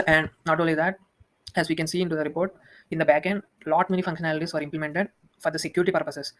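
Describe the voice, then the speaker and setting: A young man walking through a software demo, talking quickly with many restarts. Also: fairly high pitch, poor audio. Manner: fast, flat, with frequent restarts and fillers. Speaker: student presenting a project demo.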